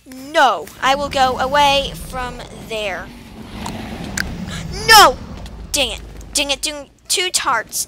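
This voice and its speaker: A woman's voice: high voice, slow, pushed and bright, slight background noise. A woman rambling through casual gameplay commentary, giggling and making playful beeping sound effects. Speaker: gamer commentating her play. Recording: faint game music behind.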